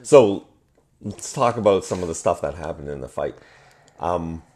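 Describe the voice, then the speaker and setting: A man's voice: low-pitched, lively intonation, normal speed, a little mellow. A man co-hosting a casual sports talk show, analytical and agreeable, explaining fights step by step. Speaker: podcast co-host.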